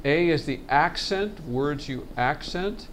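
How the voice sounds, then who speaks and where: A man teaching a workshop on storytelling in a relaxed seminar style, talking casually and often restarting his sentences. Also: a little high, takes it slowly, slight background noise. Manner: chatty, frequent restarts and laughs. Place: conference meeting room.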